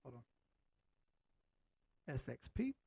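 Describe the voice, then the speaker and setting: A man hosting a live crypto chart stream, chatting casually as he reads out viewer comments, blunt and quick to swear, often laughing. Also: warm tone, no room sound.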